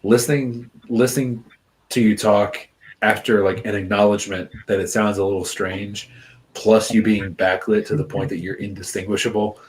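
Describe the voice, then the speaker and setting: Laid-back low-voiced man chatting casually. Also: little pitch movement, normal speed. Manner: laid-back, chatty, lots of fillers and laughter. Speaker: podcast co-host. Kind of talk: casual chat.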